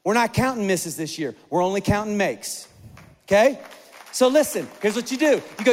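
A middle-aged man preaching a sermon, animated and conversational, with self-deprecating humor. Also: sits high, normal speed, big-room sound. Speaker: pastor.

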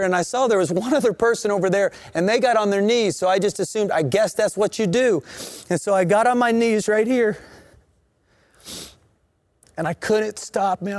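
A middle-aged man preaching from his own story, earnest and heartfelt, often circling back on the same words. His voice sits a little high for a man. The sound is close and dry, with almost no room echo. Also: darkish tone. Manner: earnest, emotional storytelling with repeated phrases. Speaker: senior pastor. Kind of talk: personal testimony sermon. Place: in a church sanctuary.

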